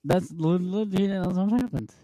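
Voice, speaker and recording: Excitable male co-host, slightly high voice, dry close sound, casual podcast banter. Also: normal speed, no room sound. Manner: excitable, acts out scenes with yelps. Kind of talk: casual movie review chat.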